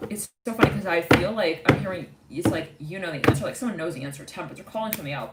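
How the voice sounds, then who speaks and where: A woman's voice: on the low side, rapid-fire, few pauses. Chatty woman reading tarot in an echoey room. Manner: chatty, intuitive, frequent fillers and laughs. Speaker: tarot reader. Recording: echoey room, distant mic, loud noise.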